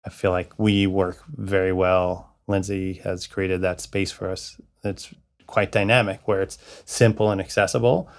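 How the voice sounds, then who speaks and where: Enthusiastic deep-voiced man rambling. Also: flat delivery, unhurried. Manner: enthusiastic, rambling, piles up adjectives. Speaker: guest, wallcovering studio co-owner. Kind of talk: casual podcast conversation.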